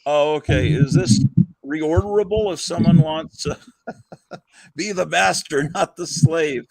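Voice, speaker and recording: A man's voice: fairly high pitch, slow pace, creaky, darkish tone, no echo, low-quality recording. An older man hosting a casual chat, rambling with fillers and chuckles. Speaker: host.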